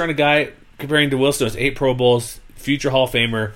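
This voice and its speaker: A man hosting a casual sports chat, his mid-pitched voice rambling through thoughts with plenty of fillers. He gets animated and exasperated as he argues his point. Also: fast. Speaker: sports podcast host.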